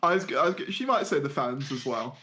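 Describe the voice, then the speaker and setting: A man's voice: mid-range voice, very animated, fast talker, bright, forceful tone, slight background noise. A man co-hosting a podcast, playful and self-mocking in casual banter. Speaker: podcast co-host.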